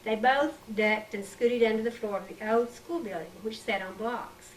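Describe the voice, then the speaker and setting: Woman, storybook reading, higher voice, distant mic, faint tape hiss. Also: moderate pace. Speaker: author reading her book.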